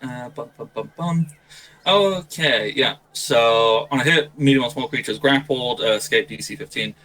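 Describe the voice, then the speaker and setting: A man's voice: medium pitch, moderate pace, sharp tone, poor audio. British male player, mid voice, hesitant, thinks aloud. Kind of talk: tabletop game chat.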